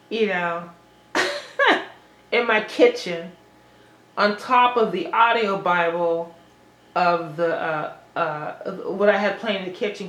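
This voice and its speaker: A woman's voice: medium pitch, fairly bright tone, reverberant, low-quality recording. A woman vlogging in an agitated, rambling monologue, swearing often and restarting her sentences. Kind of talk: unscripted monologue to camera.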